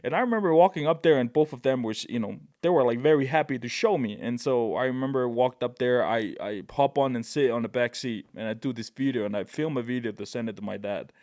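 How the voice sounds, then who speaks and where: Male guest from Tonga, mid-range voice, lively anecdotes, dry podcast mic. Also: medium pitch, fast talker, hardly any pauses, no room sound. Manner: animated, excitable, peppers speech with "right?" and "bro". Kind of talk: casual storytelling.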